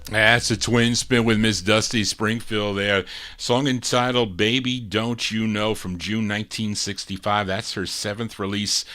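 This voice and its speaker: An older man hosting a show, chatting calmly and easily between records with a soothing, unhurried manner. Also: on the low side. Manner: calm, soothing announcing with easygoing asides. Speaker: host and record-spinning DJ. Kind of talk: casual live show chat between records. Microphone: talking into a microphone.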